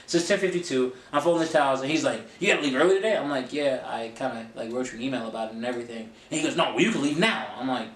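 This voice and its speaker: Young man telling animated stories. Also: mid-range voice, rapid-fire, hardly any pauses. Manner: animated storytelling, acting out quoted voices. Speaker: podcast co-host. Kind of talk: casual podcast chat. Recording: echoey room with faint noise.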